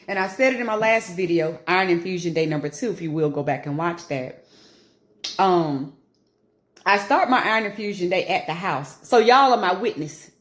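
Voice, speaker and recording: A woman vlogger at home talking casually to the camera, animated and emphatic, slipping into rants and laughter. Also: on the low side, fairly quick.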